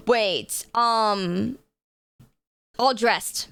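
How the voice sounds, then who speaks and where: A woman's voice: fairly high pitch, lively intonation, takes it slowly, pauses often, a bit bright, dry recording. A woman streaming live, chatting casually with her viewers, laughing often and swearing freely. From United States.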